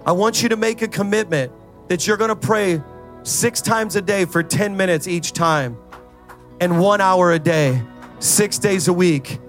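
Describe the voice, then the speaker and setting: A man's voice: high-pitched, measured pace, faint music behind. A middle-aged male pastor preaching a sermon, rising into fervent, sing-song prayer and exhorting the congregation with repeated calls.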